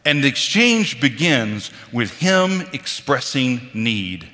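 A man delivers a sermon in a chatty, animated manner, his pitch rising and falling widely. His tone is bright and forceful. The sound carries a long reverb, as in a large church hall. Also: slow pace, few pauses. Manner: animated, conversational, acts out quoted voices. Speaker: preacher.

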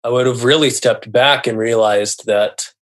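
A man telling a personal story as a podcast guest, speaking in a halting, earnest way and often restarting his phrases. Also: mid-range voice, steady tone, a bit bright. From United States.

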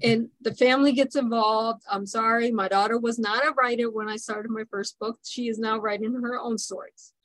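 A woman's voice: on the high side, steady tone, moderate pace, fairly bright tone, dry recording, rough recording. Chatty woman host, dry sound. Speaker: podcast host. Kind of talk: casual interview chat.

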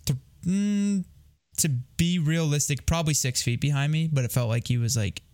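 A young man casually telling a long, profane, self-deprecating story on a podcast, full of quick asides. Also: fairly high pitch, darkish tone, smooth.

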